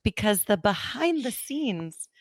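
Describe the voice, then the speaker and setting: A woman hosting a podcast who chats casually and talks in excited, gushing bursts. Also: medium pitch, slow pace, no echo. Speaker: podcast host.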